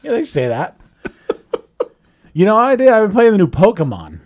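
A man's voice: high-pitched, huge pitch swings, moderate pace, a little mellow. A man hosting a comedy podcast, swearing freely and joking around. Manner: profane, goofy, slips into fake accents. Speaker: podcast host. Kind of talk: crude comedic banter.

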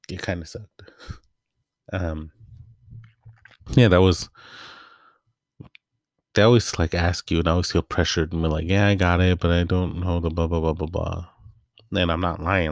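A man's voice: deep voice, no echo, clean studio sound. A man hosting a podcast, telling stories in a laid-back, rambling way full of fillers. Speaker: podcast host. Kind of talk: casual chat.

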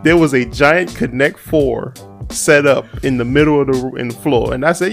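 A man's voice: medium pitch, moderate pace, creaky, faint music behind. A man co-hosting a casual podcast, joking and laughing as he retells a story. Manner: laughing, jokey, rises sharply when mimicking. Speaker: podcast co-host.

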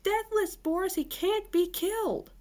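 A woman's voice: very high voice, measured pace, pitched above the performer's own voice. A woman voicing a defiant young human girl, the heroine of a story being read aloud. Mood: alarmed. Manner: defiant, sharp. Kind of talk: storybook reading with voices.

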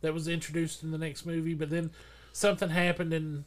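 A man's voice: fairly high pitch, level tone, a little fast. A man hosting a casual podcast, talking in a rambling, chatty way and laughing often. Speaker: podcast host.

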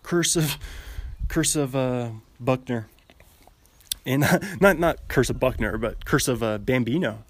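A man's voice: medium pitch, a little slow, no echo. A young man host chatting alone in a meandering way, laughing often and interrupting himself while pacing in an outdoor gazebo. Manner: giggly, meandering, self-interrupting. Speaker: podcast host. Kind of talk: rambling solo chat. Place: outdoor gazebo, light drizzle. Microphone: walking while talking.

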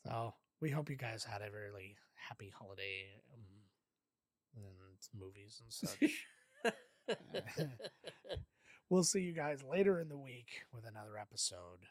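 A man's voice: lowish voice, lively intonation, a little slow, dry recording. Rambling man with a dry sound. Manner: rambling anecdotes, frequent swearing and fillers. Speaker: podcast co-host. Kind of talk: casual movie commentary chat.

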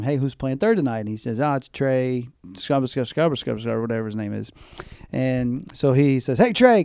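A man's voice: mid-range voice, vocal fry, clear, resonant tone, no room sound, clean studio sound. A middle-aged man, a baseball mascot performer, telling stories in an interview and acting out the voices of the people in them. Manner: animated storyteller who acts out quoted voices. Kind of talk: storytelling interview chat.

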